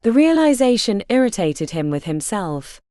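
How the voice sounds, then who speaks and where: A woman reads a historical romance aloud, measured and deliberate. Her voice is mellow and warm in tone with a lively, wide-ranging pitch. Dry, close recording. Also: no echo. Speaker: audiobook narrator. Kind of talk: scripted audiobook narration.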